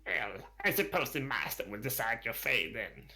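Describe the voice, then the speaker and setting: A man's voice: medium pitch, big pitch swings, normal speed, creaky, pushed and bright, heavily acted. A man voicing a suspicious kobold guard in a tabletop game, challenging and sneering. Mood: grudging.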